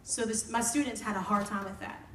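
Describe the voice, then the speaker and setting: A woman who works as a music therapist, speaking softly and casually to campers between songs. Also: medium pitch, steady tone, fairly quick, a little hiss or hum. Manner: soft-spoken, conversational, with y'all. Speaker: singer-songwriter and music therapist. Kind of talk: casual talk to campers and live singing. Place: camp room, live performance. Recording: roomy, distant mic, with loud guitar. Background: guitar playing.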